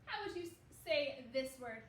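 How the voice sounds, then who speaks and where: A woman teaching a second grade phonics lesson, slowly sounding out words and praising young children. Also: high voice, animated, a bit bright, distant mic. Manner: slow, encouraging, sounding out words. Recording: echoey room, faint background noise.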